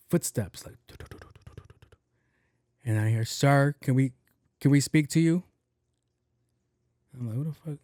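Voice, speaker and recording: A man's voice: medium pitch, no echo, studio quality. Profane storytelling podcast host, man. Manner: animated, profane, acts out dialogue. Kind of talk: casual storytelling monologue.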